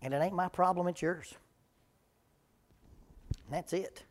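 A man's voice: high-pitched, a little slow. A middle-aged man, a preacher giving a folksy, joking talk on parenting to a live audience. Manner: humorous storytelling, deadpan jokes.

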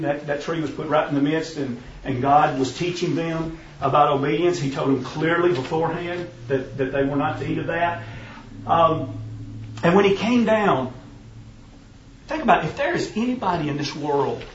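A man's voice: fairly high pitch, a little hiss or hum. A man preaching a conversational sermon, earnest and given to restarting his phrases. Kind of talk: sermon on parenting. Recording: roomy, distant, dull sound.

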